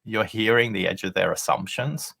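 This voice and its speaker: This man, an author appearing on a leadership show, shares a story by video call, earnestly explaining things and acting out the dialogue. His voice is fairly low, gravelly and sharp-toned, at a moderate pace.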